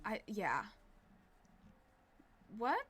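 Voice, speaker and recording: A young woman in her twenties streaming a dating game, chatting casually, excitable and giggly, swearing now and then. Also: mid-range voice, very slow, breathy edge. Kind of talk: casual gameplay commentary.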